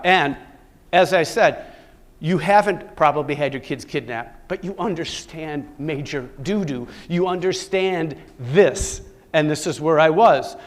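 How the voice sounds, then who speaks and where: A middle-aged man giving a keynote talk to a live audience, telling a personal story in an animated way, with sudden loud bursts and soft asides. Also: a little high. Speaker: keynote speaker.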